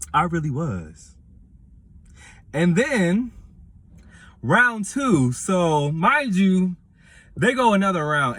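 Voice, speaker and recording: A man, reviewing a reality show in casual commentary with animated, dramatic retelling. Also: fairly high pitch.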